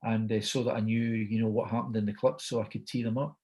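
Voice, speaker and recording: A man's voice: lowish voice, flat delivery, quick pace, dark tone. A middle-aged man with a Scottish accent, chatting and telling an anecdote, quoting people as he goes. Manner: chatty, quotes people in dialogue. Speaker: guest storyteller.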